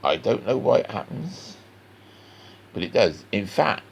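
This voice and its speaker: A man's voice: fairly low pitch, sing-song, unhurried, vocal fry, highs cut off, slight background noise. A man with a West Country accent, chatting in a rambling, folksy way to the viewer while he draws. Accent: West Country English. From West Country of England. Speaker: cartoon artist. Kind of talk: chatty drawing tutorial.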